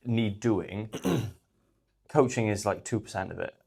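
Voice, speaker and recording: A man co-hosting a podcast, chatting casually with quick, loose phrasing. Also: lowish voice, vocal fry, dark tone, breathy edge. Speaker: podcast co-host. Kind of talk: casual chat.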